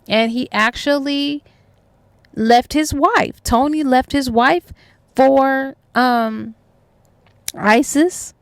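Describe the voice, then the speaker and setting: A young adult woman with a high voice speaks very slowly, leaving long pauses, in a dry recording. As a book reviewer she retells a novel's plot casually and chattily, in colloquial language, acting out the characters' lines.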